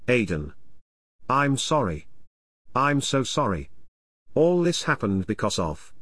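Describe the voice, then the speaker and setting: A man's voice: mid-range voice, big pitch swings, takes it slowly, fairly bright tone, no echo, clean studio sound, exaggerated voice. A male audiobook reader voicing a passionate young swordsman who speaks in an eager, gushing way. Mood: remorseful.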